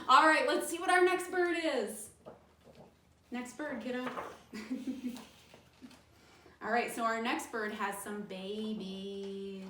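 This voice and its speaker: A woman's voice: fairly high pitch, a bit bright, reverberant, recorded from a distance, a little hiss or hum. A woman librarian in her thirties leading a children's storytime, cheerful and sing-song as she talks to young kids.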